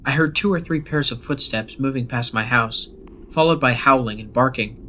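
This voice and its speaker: A man telling a first-person horror story as scripted narration, in a steady, measured way. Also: mid-range voice. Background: faint background music.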